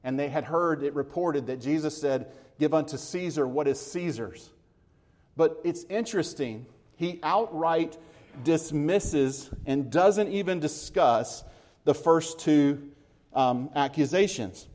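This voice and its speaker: A man's voice: fairly high pitch, slow, darkish tone. A man preaching a sermon in a conversational way, explaining scripture with everyday comparisons and acting out the dialogue. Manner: retells dialogue, acting out the speakers.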